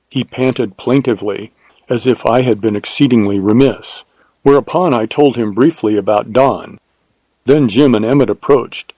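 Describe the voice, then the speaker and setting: Man, audiobook narration, measured storytelling, mid pitch, dry close mic. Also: mellow, no echo, poor audio.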